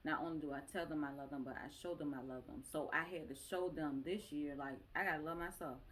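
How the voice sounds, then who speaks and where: A woman's voice: deep voice, quick pace, low-quality recording. A young adult woman hosting a casual podcast chat, talking candidly about motherhood and acting out her kids' lines. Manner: candid, talks about her kids with lively re-enactments. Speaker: podcast host.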